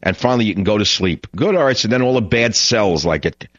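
A man's voice: lowish voice, expressive, fast, fairly bright tone, no echo, lo-fi sound. A man hosting a radio talk show, delivering a blunt, opinionated, rambling monologue.

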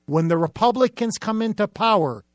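Combative high-voiced radio host, dry studio. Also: male voice, lively intonation, normal speed, no echo. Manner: combative, mocking, repetitive rhetorical build-ups. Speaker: radio talk show host. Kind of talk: political talk radio monologue.

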